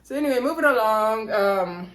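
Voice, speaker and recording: A woman recapping a reality show in a sassy, animated way, acting out the quoted lines. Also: a little high, normal speed, echoey room. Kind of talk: casual recap chat.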